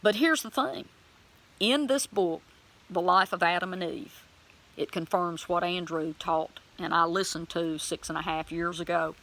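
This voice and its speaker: A woman telling a personal faith testimony in a plain-spoken, folksy way, animated and emotional as she acts out her own words. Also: fairly low pitch, unhurried. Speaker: Christian vlogger sharing a testimony.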